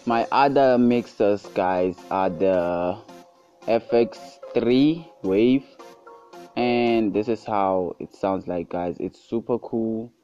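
A man narrating a casual music production tutorial, relaxed and easygoing, often calling out to his viewers and praising each sound. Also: fairly low pitch, slow, lo-fi sound. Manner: relaxed, repeats "guys" and "super cool".

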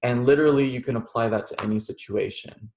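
A man preaching a relaxed, conversational sermon to a small class, telling a personal story and laughing often. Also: mid-range voice, quick pace. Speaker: reverend.

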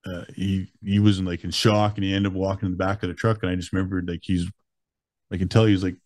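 A man in his thirties, a guest telling a story in a relaxed way, often chuckling. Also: low-pitched, fast talker, no echo. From Calgary, Canada. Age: 30s. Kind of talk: casual storytelling interview.

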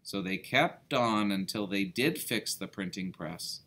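A man reading a children's book aloud as a storyteller, expressive and playful. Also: fairly low pitch, a little slow.

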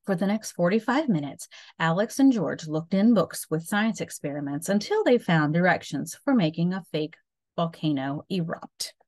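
A woman teacher reading a chapter book aloud to children, pausing to explain reading habits patiently. Her voice sits low, and the sound is dry and close. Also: animated, a little mellow, no echo.

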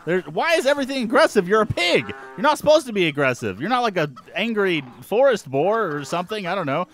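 Jumpy guy narrating his game, voice a bit high, swings all over the place. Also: fairly quick. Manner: excitable, jumpy, yelps and exclaims at surprises. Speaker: gaming channel host. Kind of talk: let's-play commentary.

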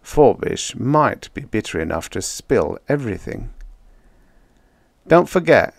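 Man, low voice, audiobook narrator, measured steady reading, dry close recording. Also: gravelly, dry recording. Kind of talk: scripted story narration.

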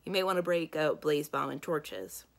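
A woman reading the part of a big, gruff male knight commander, speaking in a dry, wry way. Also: deep voice, very animated, moderate pace, exaggerated voice.

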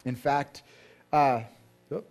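A male pastor preaches slowly in church with a flat delivery and a medium-pitched, slightly mellow voice. He talks casually to the congregation, asks them questions, and acts out voices in his stories.

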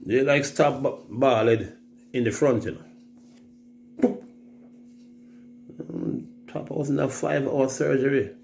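A man's voice: mid-range voice, slow pace, vocal fry, pauses often, a little mellow, slight background noise. A Jamaican man telling rambling, profane stories in casual chat, often mimicking other people's voices. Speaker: reggae artist telling stories on a livestream.

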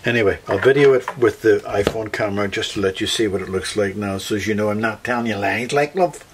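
Northern Irish luthier, low voice. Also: male voice, fast, slight background noise. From Northern Ireland. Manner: thinks aloud while working, self-correcting. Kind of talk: workshop tutorial, talking through repairs.

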